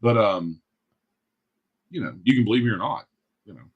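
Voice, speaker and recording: A man's voice: on the low side, expressive, moderate pace, husky, lo-fi sound. A man hosting a podcast in casual chat, talking bluntly and profanely in a ranting way. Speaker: podcast host.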